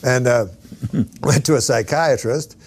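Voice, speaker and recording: A man, a comedian, telling rambling deadpan stories as a talk-show guest. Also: mid-range voice, takes it slowly, husky. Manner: deadpan, rambling, with many fillers.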